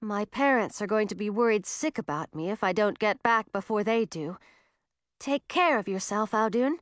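A woman's voice: medium pitch, lively intonation, normal speed, no echo, studio quality, close to an everyday voice. A woman reading as a kind and brave young girl dragon, speaking in an earnest, friendly way.

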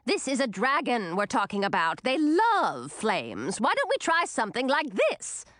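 Scornful tiny old witch, read by a woman, bright and bouncy in pitch. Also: wildly swooping pitch, unhurried, no room sound, clean studio sound, heavily acted.

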